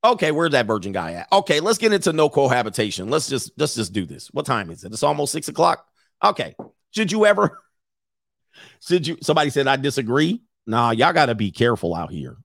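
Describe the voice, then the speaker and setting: A man runs a casual livestream, talking brashly and mockingly and laughing between his points. His pitch rises and falls in wide swings. The sound is dry, with no room echo. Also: sing-song, brisk, creaky, a bit bright. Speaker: podcast host.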